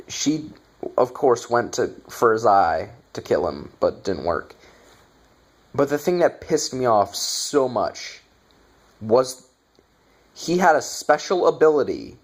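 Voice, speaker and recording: A man tears into a bad movie in a slow, drawn-out rant. His voice swings widely in pitch as he piles on sarcasm and swearing. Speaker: movie reviewer. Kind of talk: casual ranting review.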